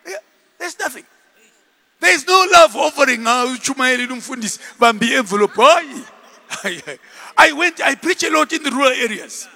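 A man preaching a sermon, animated, shouting and laughing with the congregation. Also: very high voice. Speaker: pastor. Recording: long hall reverb.

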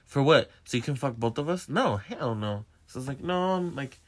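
A young man vlogging, telling a personal story in a candid, profane, animated way straight to his viewers. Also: medium pitch, normal speed. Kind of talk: casual confessional storytelling.

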